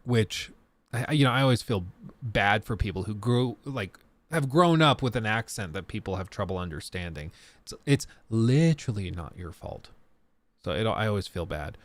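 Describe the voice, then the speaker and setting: A man's voice: lowish voice, lively intonation, moderate pace, dry recording. Streamer host, man in his thirties, casual rambling chat, faint Colorado accent, dry close mic. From US South. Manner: rambling, self-interrupting, reads chat aloud.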